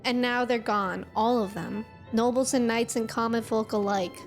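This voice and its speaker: A woman's voice: on the high side, steady tone, soft background music, lightly acted. A woman reading as a wistful old merchant. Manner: measured storybook reading of game dialogue.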